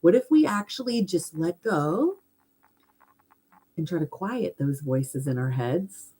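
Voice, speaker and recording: A middle-aged woman talking casually about spirituality, her pitch sitting a little low but swinging widely as she goes. She is animated and lively. She slips into higher, mocking tones when she mimics people's restless chatter. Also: slow, breathy edge. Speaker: spiritual podcast host.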